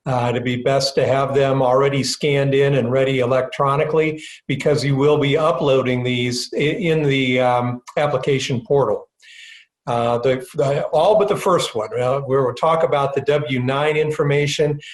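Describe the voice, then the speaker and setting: A man's voice: medium pitch, steady tone, normal speed. A man presenting a county grant webinar as its director, talking loosely with many uh's and um's. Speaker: county economic development director. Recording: roomy echo.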